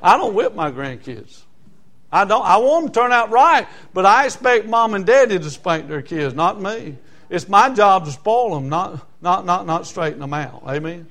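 High-voiced older preacher. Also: male voice, lively intonation, normal speed. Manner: emphatic, swings between loud exclamations and hushed asides. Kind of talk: sermon.

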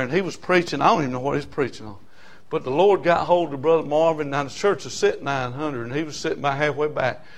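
A man preaching a storytelling sermon, dropping to hushed asides and rising to shouted hollers. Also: mid-range voice.

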